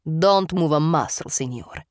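A woman voicing an elegant older grandmother who speaks softly with a foreign accent, stern but loving, in an audiobook. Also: low-pitched, lively intonation, unhurried, no echo, clean studio sound. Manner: soft-spoken, accented.

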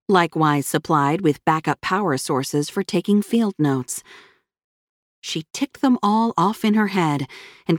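With a lowish voice, a woman reads an audiobook script in a measured, level storytelling manner. It's a dry recording with studio quality.

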